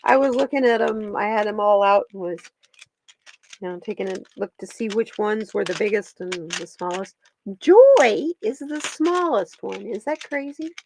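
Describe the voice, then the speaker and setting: A woman's voice: medium pitch, normal speed, background noise. A woman hosting a live stream, chatting casually with viewers and her pets while she pulls stones and cards.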